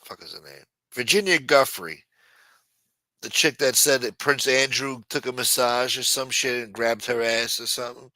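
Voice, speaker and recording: A man's voice: mid-range voice, bright, forceful tone, dry recording, poor audio. A man hosting a late-night livestream who rants casually and reads news aloud in a profane, blunt and mocking manner. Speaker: livestream host. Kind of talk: casual ranting commentary.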